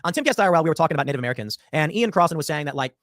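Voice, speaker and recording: A man talks quickly in a fairly high voice that swings widely as he lectures. His delivery is emphatic, and the mic is close and dry. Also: lively intonation, fairly bright tone, no echo. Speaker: political commentator. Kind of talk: opinionated commentary.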